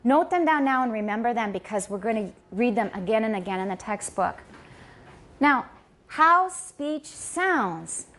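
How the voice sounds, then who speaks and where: A woman with a fairly high-pitched voice lectures briskly on linguistics in a classroom. She pauses to correct and model pronunciation for her students and switches into Mandarin for glosses.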